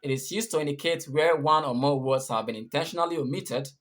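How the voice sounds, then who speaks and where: A man with a fairly high, brisk voice and a fairly bright tone explains the rules of English punctuation. He teaches patiently, repeating and rephrasing each point.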